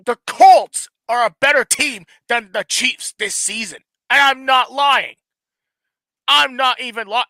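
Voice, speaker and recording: High-voiced guy with a really sharp edge, blunt football takes, trips over his words, dry close mic. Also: dry recording, poor audio. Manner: blunt, opinionated, stumbling restarts, swears. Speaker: co-host. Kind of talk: casual sports talk stream.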